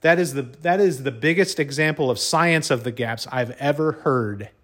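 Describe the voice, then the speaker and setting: A man with a mid-range voice and moderate pace excitedly tells a personal story, casual and unscripted. His delivery is full of stumbles and repetitions, with "y'all" and mild cussing mixed in.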